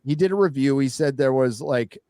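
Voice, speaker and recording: A man's voice: medium pitch, fairly quick, mellow, no room sound. Male stream host, blunt and profane, dry close mic. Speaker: show host. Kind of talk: casual livestream chat.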